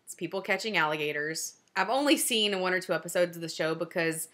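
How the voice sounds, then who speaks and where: A woman in her forties with a Southern Louisiana accent, hosting a knitting video podcast in a fast, chatty way and laughing often. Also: fairly low pitch, fairly bright tone. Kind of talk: casual chat to camera.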